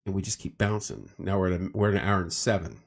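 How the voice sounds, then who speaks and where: A man's voice: low voice, fairly even intonation, fast, gravelly. A tired man hosting a casual late-night livestream, joking around and reading viewer comments aloud. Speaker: livestream host.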